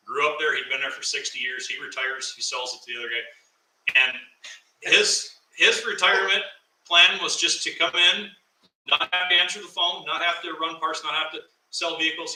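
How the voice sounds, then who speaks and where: Bright-voiced man telling a funny work story. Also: mid-range voice, slight background noise. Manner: animated, laughs through his story. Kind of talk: casual storytelling chat. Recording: echoey room, mic at a distance.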